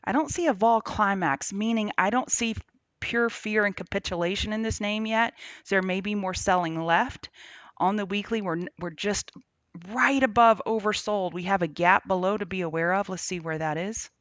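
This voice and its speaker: A woman's voice: medium pitch, normal speed, a bit bright, no room sound. Chatty woman hosting a trading livestream. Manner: chatty, greets chat viewers by name. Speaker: trading show host. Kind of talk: casual livestream market commentary. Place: on the road, remote setup. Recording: dull lo-fi, dry sound.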